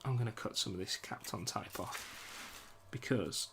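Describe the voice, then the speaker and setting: A man's voice: on the low side, measured pace, vocal fry, fairly bright tone, a little hiss or hum. A young British man with a British accent chatting casually with his live-stream viewers while he works at a bench, joking about himself and apologising a lot. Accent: British English. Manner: chatty, self-mocking, apologetic banter with chat.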